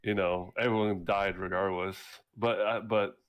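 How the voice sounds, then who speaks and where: A man's voice: on the low side, steady tone, unhurried. A young man co-hosting a casual gaming podcast, rambling through theories and laughing at his own stories. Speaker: podcast co-host.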